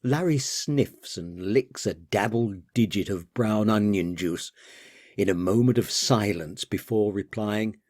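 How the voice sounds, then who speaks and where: A man reading a novel aloud as audiobook narrator, slipping into lively voices for the characters. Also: lowish voice, measured pace, dry recording, clean studio sound. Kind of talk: scripted narration.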